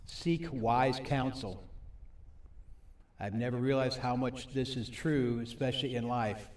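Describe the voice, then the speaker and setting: A man preaching a sermon at a recovery ministry. He reads scripture slowly and asks the audience questions. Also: medium pitch. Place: meeting hall with a live audience. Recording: echoey hall, mic from a distance.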